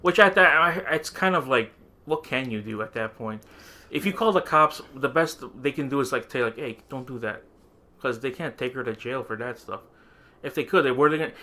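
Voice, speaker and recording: Bright-voiced man telling a story. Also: medium pitch. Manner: animated, laughs often, acts out quoted lines. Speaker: podcast co-host. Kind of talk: casual storytelling chat.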